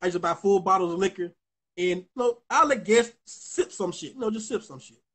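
A man's voice: sits high, brisk, fairly bright tone. A young man tells a story to his viewers in a rambling, profane way, full of restarts. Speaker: vlogger addressing his viewers. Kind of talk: casual storytelling commentary.

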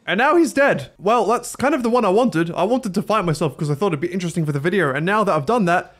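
A man's voice: high-pitched, fast. A young Australian man in his twenties giving joking, self-deprecating, rambling commentary over his gameplay. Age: 20s. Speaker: gaming YouTuber.

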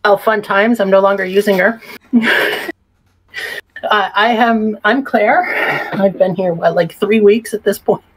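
A woman's voice: medium pitch, a little slow, long pauses, slightly rough. A woman chatting casually as a guest, chatty and wry. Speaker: guest player. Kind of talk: casual chat.

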